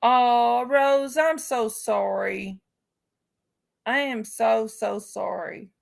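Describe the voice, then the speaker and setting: A woman's voice: fairly high pitch, extremely slow, vocal fry. A woman hosting a live stream, speaking casually and outspokenly to her chat viewers with heartfelt remarks. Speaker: livestream host.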